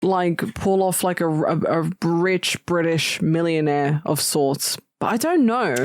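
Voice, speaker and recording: A woman's voice: fairly low pitch, unhurried, no room sound, studio quality. A woman co-hosting a podcast in casual chat, exclaiming often and musing aloud. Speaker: podcast co-host.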